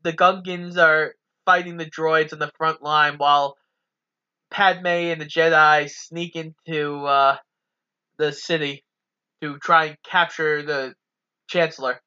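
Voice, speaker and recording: A man's voice: a little high, flat delivery, slow pace, pushed and bright, clear, resonant tone, dull audio. A man co-hosting a casual movie recap, easygoing as he walks through the plot. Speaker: podcast co-host.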